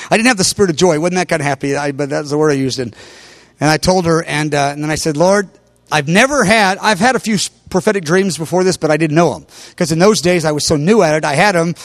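A man preaching a testimony as a story, animated and breaking into loud exclamations. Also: sits high, dry recording.

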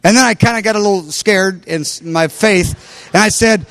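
High-voiced man preaching, dry sound. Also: normal speed, no echo. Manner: animated, bursts into loud exclamations. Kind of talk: sermon testimony storytelling.

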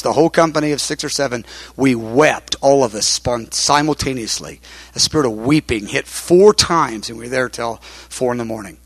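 A man preacher telling a personal testimony, retelling conversations line by line in a halting storytelling way, often restarting his words. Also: mid-range voice, fairly bright tone, no echo. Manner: retells conversations with many quoted lines.

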